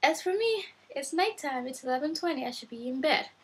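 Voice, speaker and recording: A woman's voice: high-pitched, animated, a little fast, low-quality recording. A woman vlogging from her bedroom at night, chatting eagerly and directly to her viewers while teaching Japanese words. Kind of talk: casual vlog talk to viewers.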